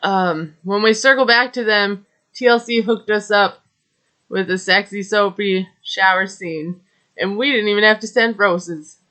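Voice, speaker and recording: Chatty woman recapping reality TV, slow. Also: medium pitch, pushed and bright. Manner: chatty, gossipy, with frequent fillers and wry asides. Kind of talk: casual recap commentary.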